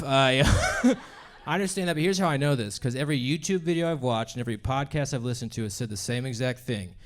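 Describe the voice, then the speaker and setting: A man's voice: mid-range voice, animated, fairly quick. A young man performing a brash, crude stand-up set in a comedy club, laughing at his own jokes.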